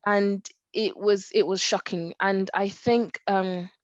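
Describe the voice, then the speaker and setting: A woman co-hosting a podcast, talking casually and acting out quotes with animated emphasis. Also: medium pitch, takes it slowly, no room sound, highs cut off. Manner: animated, acts out quotes, laughs. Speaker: podcast co-host. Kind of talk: casual faith discussion.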